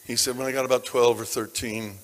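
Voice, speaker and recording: A man preaching a sermon, telling stories about people from his congregation, dropping to a hush and then rising to loud emphasis. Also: medium pitch, little pitch movement, a little fast, a little hiss or hum. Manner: dramatic shifts between hushed and loud. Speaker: pastor. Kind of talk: sermon storytelling. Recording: long reverb of a large hall.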